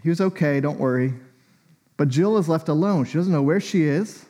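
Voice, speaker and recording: Conversational preacher, a man, slightly high voice. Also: normal speed, mellow. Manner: conversational, chuckling often, storytelling. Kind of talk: sermon.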